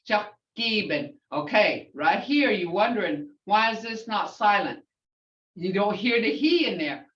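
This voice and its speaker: An older woman teaching a language class, patiently repeating and sounding out syllables slowly. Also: medium pitch, a bit bright. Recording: roomy, distant, dull lo-fi.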